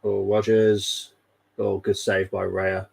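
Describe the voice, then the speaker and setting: A man's voice: lowish voice, completely flat delivery, slow pace, vocal fry, a little mellow, slightly rough, rough recording. A man hosting a live football watchalong, chatting casually and wryly and laughing often. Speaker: fan channel host.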